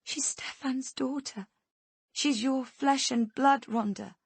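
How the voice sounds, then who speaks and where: A desperate mother, voiced by a female narrator, pleading in a high, frantic rush. Her voice is raised and close, with a dry sound. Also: slow, vocal fry, husky, dry recording, full character voice.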